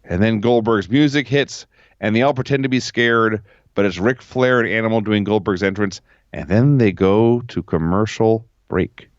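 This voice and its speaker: A man co-hosting a podcast from home, recapping events in a sarcastic, deadpan way during casual chat. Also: on the low side, moderate pace, no echo, dull audio. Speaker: podcast co-host.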